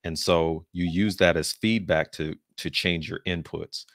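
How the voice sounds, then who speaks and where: Male host, very low voice, relaxed interviewer who thinks out loud; dry close mic. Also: measured pace, no echo. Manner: thinks aloud, explaining ideas in engineering terms; laughs easily, gives short affirmations. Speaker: podcast host. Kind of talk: casual conversational interview.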